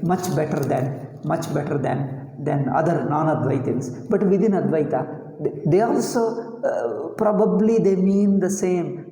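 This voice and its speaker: A man's voice: sits high, mellow. A man teaching Vedanta philosophy, posing questions and repeating points with emphasis. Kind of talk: spoken philosophy lecture. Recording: echoey hall with long reverb.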